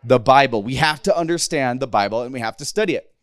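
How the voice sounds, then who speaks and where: A man's voice: medium pitch, animated, quick pace, no room sound, clean studio sound. A man in his thirties giving a casual, emotional sermon to a youth group, candid and rambling with frequent restarts. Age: 30s.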